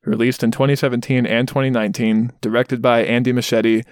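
A man co-hosting a podcast, talking in a quick, matter-of-fact way. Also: mid-range voice, level tone, dry recording, studio quality. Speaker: podcast co-host. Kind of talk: casual chat.

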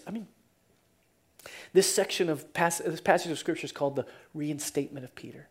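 Woman pastor preaching, chatty storytelling, goes big then drops to a hush. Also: low-pitched, brisk, breathy edge. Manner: animated, swings from loud to hushed; casual, conversational retelling. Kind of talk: sermon storytelling.

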